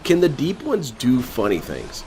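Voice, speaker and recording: A man's voice: mid-range voice, huge pitch swings, measured pace, dark tone, a little hiss or hum. A man hosting a live restream, making sarcastic, mocking jokes and going off on absurd tangents. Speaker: host reacting to a restreamed gameplay video. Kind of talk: casual live commentary.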